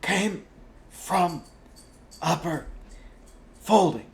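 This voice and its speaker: A man voicing a cursed young man half turned into a dog, panting and strained in a high voice. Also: slow pace, vocal fry, a little hiss or hum, heavily acted. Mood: desperate.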